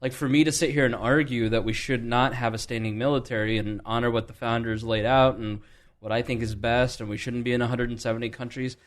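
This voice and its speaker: A man's voice: mid-range voice, steady tone, fairly quick. A man hosting a podcast, talking candidly and thinking aloud in a casual political discussion. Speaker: podcast host.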